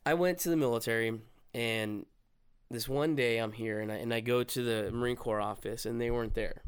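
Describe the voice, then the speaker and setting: A young man hosting a casual chat, telling a profane, animated story and acting out the quotes. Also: medium pitch, fairly quick, smooth, no room sound. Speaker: podcast host.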